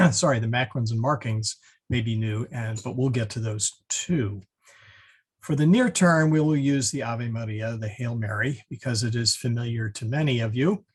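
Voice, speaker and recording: A man teaching an online Latin class over a video call, relaxed with many fillers and restarts. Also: medium pitch, husky.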